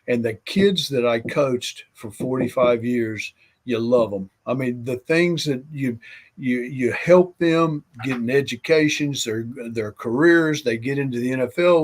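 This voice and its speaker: A man in his sixties, a longtime football coach, talking as a guest in an earnest, rambling way with lots of fillers. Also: medium pitch. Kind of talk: casual interview chat.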